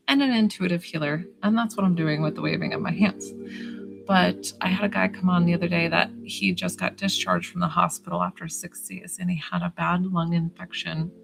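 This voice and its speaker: A woman with a slightly low voice chats on a live stream as an intuitive healer, bubbly and chatty, greeting viewers by name. Her voice comes through a phone, with music playing clearly behind her. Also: fairly bright tone, poor audio. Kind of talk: casual live-stream chat. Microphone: phone camera.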